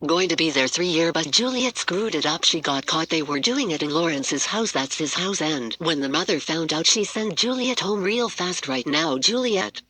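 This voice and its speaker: A man's voice: fairly high pitch, expressive, normal speed, hardly any pauses, pushed and bright, low-quality recording. A man telling an improvised story in a rambling, muddled way, often correcting himself.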